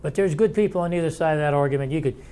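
A man leading a Bible study, his voice sitting a little higher than most men's. He talks in a folksy, conversational way, working through ideas aloud and inviting questions from the class. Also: rapid-fire, mellow, clear, resonant tone. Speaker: Bible teacher.

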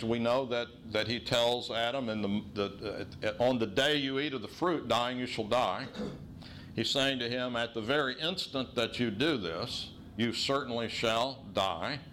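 A middle-aged man preaching a sermon in an earnest teaching voice, set at an ordinary pitch for a man. He slows down and leans on the key phrases he wants remembered. A faint hum of ambience sits behind him. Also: a bit bright. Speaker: pastor.

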